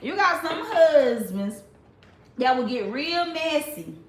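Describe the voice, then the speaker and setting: Slow, sassy woman in her forties. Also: high voice, very animated, reverberant. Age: 40s. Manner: drawn-out, talks straight to the chat; blunt and sassy. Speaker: live-stream commentary host. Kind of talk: casual live-stream commentary.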